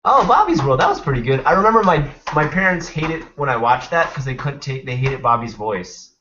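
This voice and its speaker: A man's voice: medium pitch, big pitch swings, a little fast, noisy background. A young man hosting a casual podcast chat, laid-back and rambling, swearing now and then. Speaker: podcast host. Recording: dull lo-fi stream audio.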